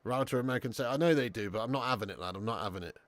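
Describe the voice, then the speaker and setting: A man's voice: mid-range voice, racing, no echo. A young man hosting a live football watch-along who chats, swears and laughs, bantering with viewers in the chat.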